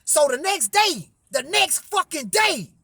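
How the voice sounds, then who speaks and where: A man's voice: very high-pitched, very animated, measured pace, vocal fry, sharp tone, dry recording. A man telling a personal story in a profane, emphatic way, framing each quote with "I say". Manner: repeats "I say" to frame quotes, emphatic.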